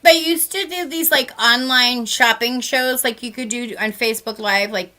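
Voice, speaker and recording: A woman's voice: a little high, moderate pace. A middle-aged woman with a Massachusetts accent, a psychic medium chatting casually and giving readings. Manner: chatty, warm storytelling with frequent "like". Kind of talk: casual radio chat with readings.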